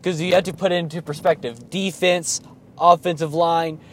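A young man hosting a casual sports podcast, chatty and joking, with animated rants. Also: a little high, moderate pace, a little hiss or hum. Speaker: podcast host.

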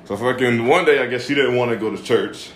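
A man's voice: medium pitch, a little fast, roomy sound, slight background noise. A young man casually telling a story on a podcast, rambling and cursing. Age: young adult.

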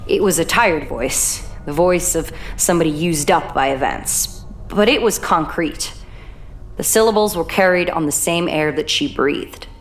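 A woman narrating a horror audiobook in a measured, even storytelling manner. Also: deep voice.

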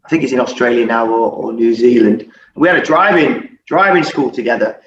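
A middle-aged former footballer chats casually, telling animated stories while swearing frequently and laughing along the way. His voice is mid-range and a little fast. The audio is echoey, distant and dull, with faint noise.

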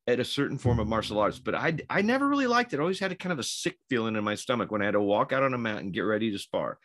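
A man's voice: medium pitch, no echo, studio quality. A man, a former Navy SEAL co-hosting a podcast, telling a story in a rambling way and laughing as he goes. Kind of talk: casual storytelling chat.

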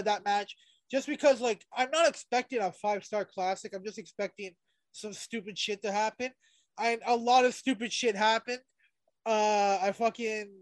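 A podcast co-host chats casually, rambling along with plenty of swearing and hesitation. The sound is dry and close, with no room echo. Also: mid-range voice. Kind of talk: casual wrestling chat.

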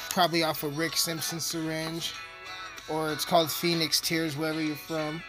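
A man's voice: on the high side, little pitch movement, normal speed. Profane rambling man over music. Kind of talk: rambling casual monologue. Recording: music playing behind.

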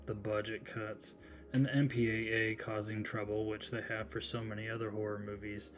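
A man's voice: on the low side, flat delivery, moderate pace. A man hosting a solo horror movie podcast, casually retelling a film's plot with chatty asides. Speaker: podcast host.

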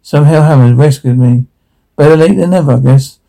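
Gravelly, dark-toned man reading captions. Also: a little high, fairly quick, rough recording.

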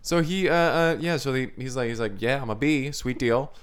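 A man's voice: mid-range voice, moderate pace, clear, resonant tone. A man co-hosting a comedy podcast who jumps in with jokes and exaggerated character voices. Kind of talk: improvised comedic storytelling.

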